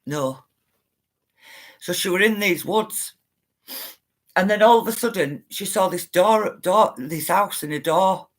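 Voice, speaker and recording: A woman's voice: on the low side, a little slow, long pauses. Woman, middle-aged, insistent vlogger talking straight to her viewers. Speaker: spiritual livestreamer. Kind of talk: emotional storytelling to viewers.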